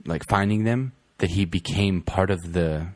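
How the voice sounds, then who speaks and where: Deep voiced guy telling a story in casual chat, dry close sound. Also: normal speed, a little mellow, no echo. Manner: storytelling, profane.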